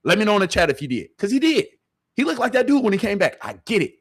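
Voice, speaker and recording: A man's voice: sits high, sing-song, quick pace. Heated man ranting about sports. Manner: heated, repetitive, talks straight to the audience with slang. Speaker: host. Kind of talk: animated sports commentary to a stream chat.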